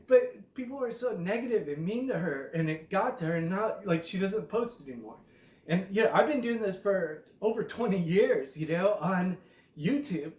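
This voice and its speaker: A man's voice: high-pitched, echoey room. A man giving a casual, rambling monologue, full of fillers and swearing, and calling everyone dude. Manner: rambling, profane, filler-heavy, says dude a lot. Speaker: self-published author and vlogger.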